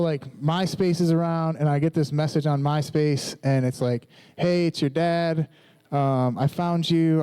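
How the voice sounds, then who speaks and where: A man in his thirties preaching, telling a personal testimony in a casual, animated storytelling way. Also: medium pitch, low-quality recording.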